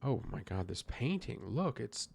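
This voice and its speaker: A man's voice: mid-range voice, sing-song, unhurried, vocal fry, slightly rough. A man streaming a game live, commenting casually and sarcastically and swearing freely.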